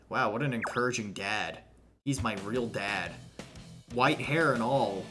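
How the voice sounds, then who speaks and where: A man's voice: medium pitch, a little slow. A man streaming a game, chatting casually in a rambling, profane way with lots of fillers. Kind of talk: casual livestream chat. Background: game music.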